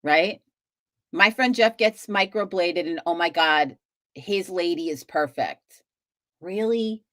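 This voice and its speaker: A woman's voice: on the low side, slow, fairly bright tone, no room sound, studio quality. A woman hosting a live stream, chatting casually with viewers, talkative and swearing freely as she rambles.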